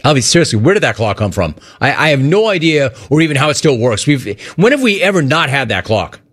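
A man's voice: medium pitch, very animated, fairly quick, fairly bright tone. A man hosting a call-in radio show, joking and riffing between callers. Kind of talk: casual talk radio hosting.

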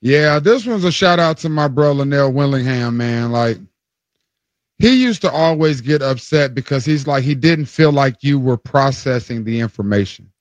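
A man's voice: mid-range voice, lively intonation, normal speed, no echo, lo-fi sound. A man appearing as a regular guest on a sports radio show, running a playful quiz and teasing the host. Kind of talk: casual radio chat.

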